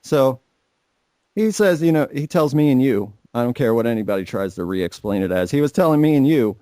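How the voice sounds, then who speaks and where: A man's voice: medium pitch, lively intonation, a little fast, warm tone, no room sound. A young man co-hosting a casual podcast, rambling and swearing, mocking people in put-on voices. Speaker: podcast co-host. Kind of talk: casual profane chat.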